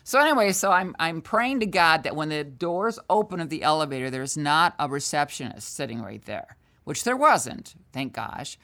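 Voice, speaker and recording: An older woman, a sales trainer and guest, telling a candid, self-deprecating story in an animated, conversational way. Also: deep voice, moderate pace, few pauses.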